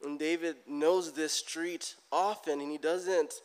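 A middle-aged man preaching a sermon in a church, animated and getting loud for emphasis, acting out people's prayers. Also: fairly high pitch, slow pace, clean tone, big-room sound. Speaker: pastor.

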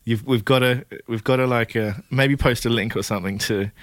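Man, podcast host, casual rambling chat, profane, mid-pitched voice, dry close sound. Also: fairly even intonation, a little fast, no echo. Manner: rambling, profane, trails off into tangents.

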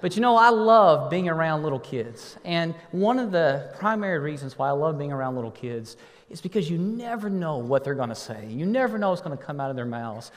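A man's voice: a little high, expressive, a little fast, big-room sound. A man in his thirties preaching a sermon as pastor, telling family stories and playfully getting the congregation to respond. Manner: warm storytelling, playful with the congregation. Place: church sanctuary.

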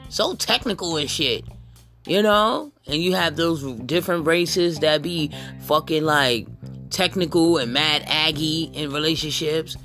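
A man's voice: fairly high pitch, measured pace, pushed and bright, faint music behind. A man hosting a podcast, ranting in a blunt, crude and rambling comedic way. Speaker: podcast host. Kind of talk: profane comedic rant.

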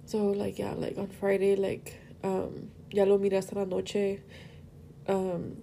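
Young woman, gravelly, mellow tone, tearful, rambling, mixes English and Spanish. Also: medium pitch, completely flat delivery, a little slow, a little hiss or hum. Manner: emotional, rambling, switches between English and Spanish. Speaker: podcast host. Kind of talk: personal monologue.

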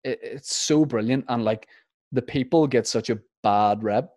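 A man's voice: mid-range voice, measured pace, darkish tone, dry recording, studio quality. A man with a Northern Irish accent hosting a casual interview, chatty and rambling with lots of fillers.

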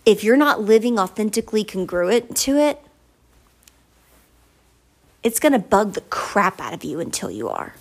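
A woman hosting a faith-based podcast, speaking with earnest emotion and chatty warmth, building her points through emphatic repetition. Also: medium pitch. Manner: casual and chatty, with fillers and quick laughs. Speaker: podcast host. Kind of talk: faith-based motivational monologue.

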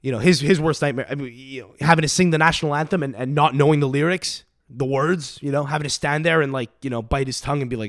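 A man's voice: medium pitch, quick pace, hardly any pauses, dry recording, clean studio sound. A man hosting a podcast, ranting in a rambling, profane, emphatic way, sick with a cough. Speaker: podcast host. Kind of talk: solo podcast rant.

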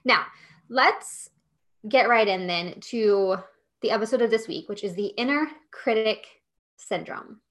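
A woman's voice: mid-range voice, unhurried, a bit bright. A woman hosting a solo podcast, coaching business owners in a chatty, emphatic way with lots of "like" and "okay?".

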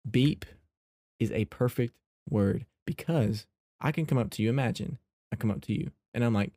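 A man's voice: mid-range voice, animated, moderate pace, dark tone, dry recording. Playful man hosting a dry-sounding podcast. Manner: playful, teasing, chatty. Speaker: podcast host. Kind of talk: casual faith-based podcast monologue.

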